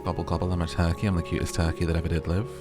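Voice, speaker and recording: Goofy bragging turkey, a guy putting it on, low voice, game music playing. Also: level tone, very fast, natural voice. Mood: silly. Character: silly boastful male turkey.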